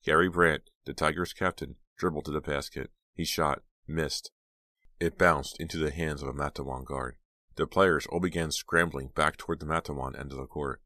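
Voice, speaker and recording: Very deep-voiced male audiobook narrator. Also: steady tone, bright, forceful tone, no room sound, clean studio sound. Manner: measured storytelling. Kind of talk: scripted narration.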